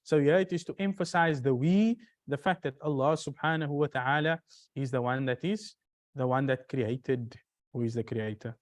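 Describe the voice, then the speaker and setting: A teacher giving a classroom lecture on Arabic grammar, who often questions the class, restarts phrases and recites short Arabic verses in quick bursts. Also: mid-range voice.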